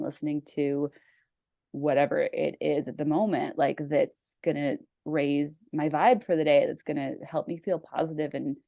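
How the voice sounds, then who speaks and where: Upbeat woman podcast host, gravelly voice. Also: low voice, warm tone, dry recording. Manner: upbeat, gushing, filler-heavy with many "like"s. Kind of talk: casual interview chat.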